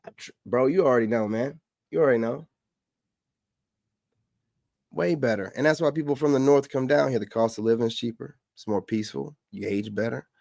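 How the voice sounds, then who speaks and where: A man's voice: mid-range voice, a little fast, gravelly, pauses often, darkish tone, dry recording, clean studio sound. A man from the Carolinas giving casual reaction commentary, lecturing and repeating his points for emphasis.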